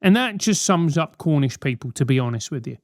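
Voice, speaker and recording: With a London accent, a podcast host in his thirties answers listener mail through blunt, sweary, mock-outraged banter as a comedic advice monologue. His voice is a little high and darkish, brisk with lively intonation. Studio-quality sound, no echo.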